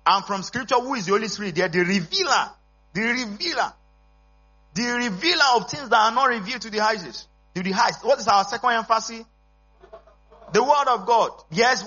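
A man preaching a sermon as pastor, emphatic, with call-and-response and bursts of shouting. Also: high voice, breathy edge. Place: church service. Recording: dull lo-fi recording with mains hum.

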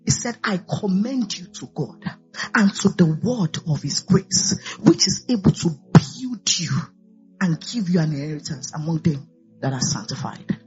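A woman's voice: on the low side, expressive, a little slow, darkish tone. Woman pastor preaching with hallelujahs throughout. Dull lo-fi recording with faint music behind her. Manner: preachy, peppered with hallelujahs and glory to God. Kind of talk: sermon.

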